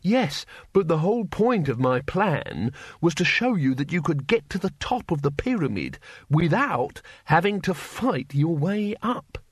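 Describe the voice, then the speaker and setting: A man's voice: on the high side, sing-song, a little slow, breathy edge, no room sound, clean studio sound, pitched above the performer's own voice, heavily acted. A man voicing a fussy, nervous male teacher who protests politely. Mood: protesting. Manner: prim, protesting.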